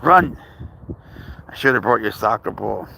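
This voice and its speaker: At a normal speed, with slight background noise, a Canadian man chats with viewers on his pet livestream. He's slangy and casual, names the locations people tune in from, and rises into playful, high baby talk when addressing his pet.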